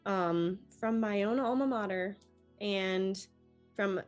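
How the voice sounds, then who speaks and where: Animated young woman telling her story. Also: medium pitch, slow, soft background music. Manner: animated, acting out quoted dialogue. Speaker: guest, newly accepted medical student. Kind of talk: personal storytelling in an interview.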